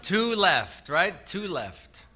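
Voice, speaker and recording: High bright-voiced male emcee calling games. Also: big pitch swings, drawn-out words. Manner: calls out instructions to a crowd, sometimes shouting. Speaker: event emcee. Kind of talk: leading a crowd game at a summit. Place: large indoor event hall.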